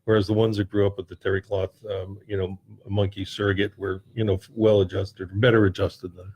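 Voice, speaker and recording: Husky low-voiced man, halting. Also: flat delivery, darkish tone, poor audio. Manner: halting, repeats words. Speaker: podcast co-host. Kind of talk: casual chat.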